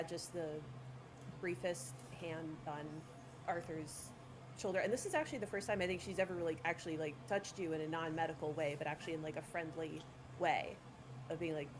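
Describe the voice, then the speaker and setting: A woman's voice: low voice, normal speed, noisy background. A woman player describing her character's actions in casual, chatty role-play.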